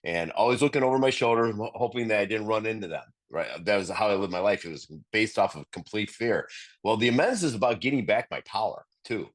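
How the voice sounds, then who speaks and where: A man's voice: lowish voice, expressive, fast. A man co-presenting a recovery talk, speaking earnestly and repeating words as he gathers his thoughts.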